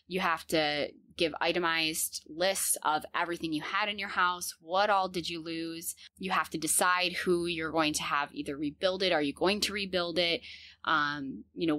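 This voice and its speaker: A woman in her thirties telling a personal story in an earnest, halting way, with many fillers and restarts. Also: fairly low pitch, pushed and bright, no room sound.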